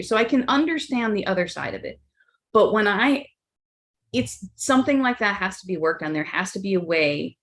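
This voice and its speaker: Earnest woman explaining on a panel. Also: lowish voice. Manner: earnest, explanatory, acts out quoted lines. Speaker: panelist on neurodiversity team. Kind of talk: panel discussion.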